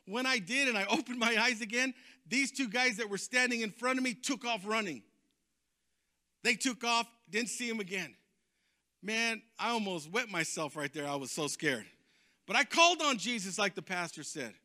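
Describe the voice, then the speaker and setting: A man preaching, telling a personal testimony in a lively, emphatic storytelling way. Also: very high-pitched, normal speed. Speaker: guest preacher. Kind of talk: testimony sermon.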